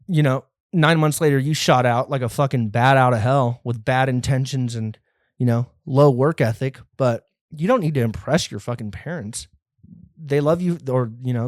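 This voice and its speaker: A man's voice: mid-range voice, no echo, clean studio sound. A man hosting a comedy podcast alone, rambling and profane in a self-deprecating way. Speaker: podcast host. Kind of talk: solo comedy podcast monologue.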